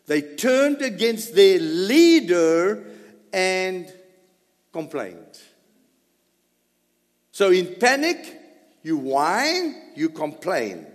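Animated preacher man, slow and echoing. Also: sits high. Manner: dramatic, swings between loud emphasis and soft asides. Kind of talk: sermon. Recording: long hall reverb.

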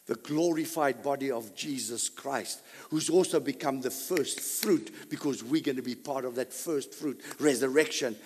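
A man preaching a sermon as pastor, full of rhetorical questions and sudden loud bursts. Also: medium pitch, normal speed, hardly any pauses, breathy edge. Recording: long hall reverb.

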